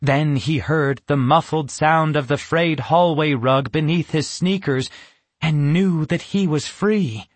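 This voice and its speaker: A man giving scripted audiobook narration in a slow, measured manner. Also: on the high side, no room sound.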